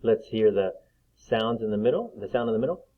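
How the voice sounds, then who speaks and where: A man's voice: on the low side, expressive, phone-quality sound. Patient man teaching phonics to kids. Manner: slow, sounding out words patiently. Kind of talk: reading lesson for young children.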